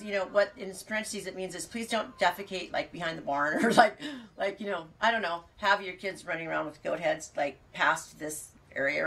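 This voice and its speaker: A woman's voice: on the low side, fairly bright tone, recorded from a distance, poor audio. A woman hosting a farm podcast, chatting casually to live viewers and reading their comments, rambling with frequent restarts and asides. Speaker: farmer and fiber podcast host.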